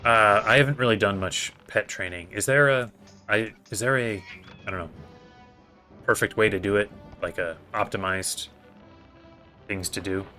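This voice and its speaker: A man's voice: fairly low pitch, normal speed, long pauses, pushed and bright, soft background music. A man giving casual gameplay commentary as host, thinking aloud in a hesitant way with many fillers. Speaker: gaming video host.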